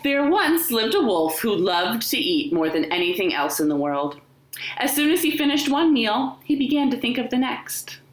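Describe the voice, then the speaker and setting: A woman, a children's librarian, reading a picture book aloud to young children in a slow, gentle, expressive way. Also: on the high side. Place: home living room. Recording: echoey room.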